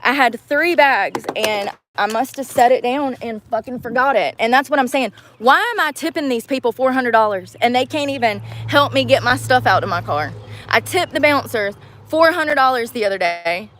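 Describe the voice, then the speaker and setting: A woman's voice: fairly high pitch, lively intonation, normal speed, a bit bright, slight background noise. Frustrated woman ranting, swearing. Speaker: livestreamer. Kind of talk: casual livestream rant.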